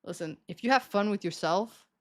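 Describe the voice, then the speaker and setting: Young woman, streamer, casual chat, self-mocking, laughs often, middle pitch. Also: fairly quick. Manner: chatty, self-mocking, laughs often, acts out quoted dialogue.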